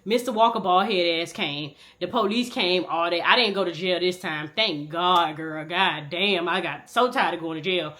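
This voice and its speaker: A woman in her thirties with a bright, forward voice spins a rowdy true-life storytime. She swears freely and talks straight to the viewer like a close friend, animated and loose. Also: lowish voice, normal speed, hardly any pauses. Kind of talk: casual storytime.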